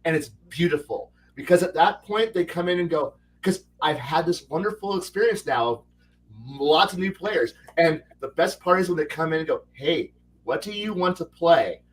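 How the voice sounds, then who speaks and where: A man's voice: a little high, normal speed, far from the mic, rough recording. A man with a raised voice who rambles animatedly through a casual gaming panel, often restarting his sentences. He sounds set back from the mic, with a faint hum. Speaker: panel guest.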